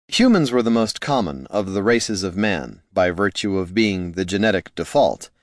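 A man's voice: low voice, animated, normal speed, hardly any pauses, no echo. A man reading fantasy fiction aloud in scripted audiobook narration, with a dry, wry delivery.

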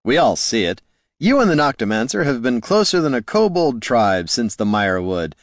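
A man's voice: mid-range voice, sing-song, normal speed, no echo, clean studio sound, pitched above the performer's own voice. A man voicing a smug, flamboyant male bard who teases in an airy, sing-song way. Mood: sly.

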